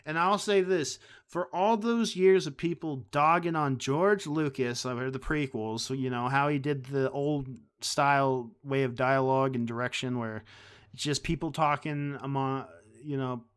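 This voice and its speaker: A man riffs to his stream chat in a loose, rambling way, circling back and restarting his thoughts as he gets heated. His voice sits in an ordinary middle register. It sounds smooth and resonant. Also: medium pitch, fairly even intonation, measured pace. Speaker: streamer host. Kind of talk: casual live-stream commentary.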